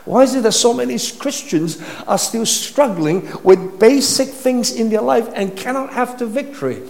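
Delivering a sermon in a teaching style, a man speaks at normal speed with an extremely high, somewhat dark voice touched by vocal fry. He questions his audience and builds each point through repetition, all in a long, hall-like reverb.

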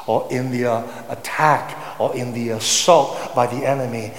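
A man preaching a sermon with passion, sometimes rising to loud cries. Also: medium pitch, fairly even intonation, a little slow. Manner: impassioned, rising to shouts when voicing psalm cries. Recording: echoey hall with long reverb.

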